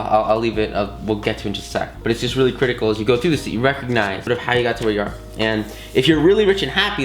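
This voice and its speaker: A man's voice: medium pitch, roomy sound. A man giving a casual, enthusiastic course lesson, talking in slangy bursts with many fillers and restarts. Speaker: course instructor.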